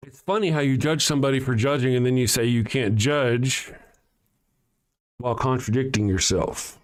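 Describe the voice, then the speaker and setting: A man's voice: mid-range voice, moderate pace. A man hosting a livestream, ranting back at commenters in a profane, sarcastic, confrontational way, often restarting his sentences. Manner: frequent restarts and trailing sentences. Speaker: livestream show host. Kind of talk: heated livestream commentary reading chat.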